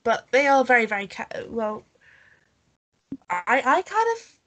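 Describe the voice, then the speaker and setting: A woman's voice: fairly high pitch, sing-song, a little slow, fairly bright tone. A woman with a cold and a nasal voice, co-hosting a podcast in casual chat, rambling with fillers and coughs. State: has a cold. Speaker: podcast co-host. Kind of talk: casual chat reviewing a holiday special.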